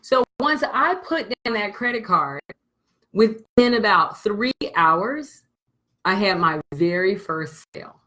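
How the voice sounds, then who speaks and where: Blunt, animated woman business coach. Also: medium pitch, takes it slowly, low-quality recording. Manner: blunt and animated, swears freely. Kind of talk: candid motivational storytelling to camera.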